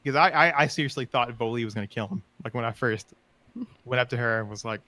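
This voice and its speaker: A man's voice: medium pitch, fast talker, sharp tone, no room sound. A man co-hosting a podcast who tells rambling, enthusiastic stories in a casual chat about roleplay. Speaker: podcast co-host.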